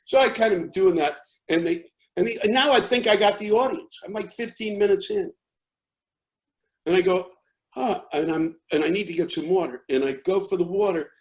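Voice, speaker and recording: An older American man, a comedian, tells a rambling story that keeps restarting and builds into yelling. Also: sits high, fairly quick, low-quality recording. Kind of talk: storytelling interview.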